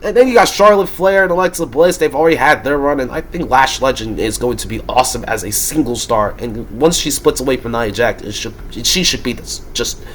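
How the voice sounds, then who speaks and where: A man losing his voice, giving heated, frustrated wrestling predictions in a ranting vlog and breaking into loud, swearing outbursts. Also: medium pitch, brisk, few pauses, a little hiss or hum. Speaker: wrestling commentator and YouTuber.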